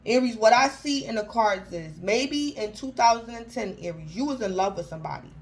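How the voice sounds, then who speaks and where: A woman's voice: fairly high pitch, lively intonation, brisk, a little mellow, a little hiss or hum, low-quality recording. Chatty woman giving a tarot reading. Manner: chatty, keeps calling out the sign by name; informal slangy phrasing with frequent restarts. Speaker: tarot reader. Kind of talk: casual tarot reading to camera.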